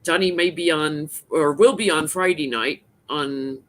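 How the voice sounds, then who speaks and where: A woman hosting a casual live tarot stream, talking in a relaxed, rambling way with frequent fillers. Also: low voice, a little slow. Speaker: tarot reader and show host.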